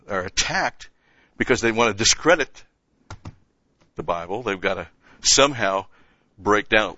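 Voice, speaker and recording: Forceful low-voiced man teaching Scripture. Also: no echo, muffled recording. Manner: emphatic, rises in pitch and volume on key points, rhetorical questions. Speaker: Bible teacher. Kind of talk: conversational Bible-study sermon.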